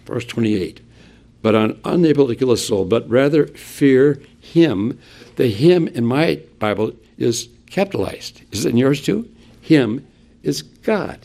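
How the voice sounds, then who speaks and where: A man's voice: mid-range voice, expressive, a little slow, vocal fry, dark tone. A man preaching an expository sermon, asking his listeners rhetorical questions as he works through a Bible passage.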